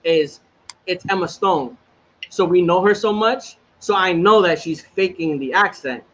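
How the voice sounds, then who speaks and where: Profane, animated high-voiced man. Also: a little slow. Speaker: podcast co-host. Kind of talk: casual chat. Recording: slightly dull sound with faint noise.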